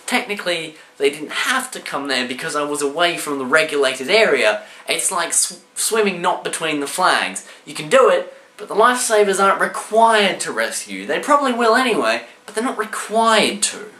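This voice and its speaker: A man tells a comic misadventure with a bright, sharp voice that swings all over its range. He sounds like he is in a roomy, echoey space. He keeps breaking into sound effects and shouted voices. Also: a little high. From Australia. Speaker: storyteller vlogger. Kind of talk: animated comic storytelling. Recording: roomy echo.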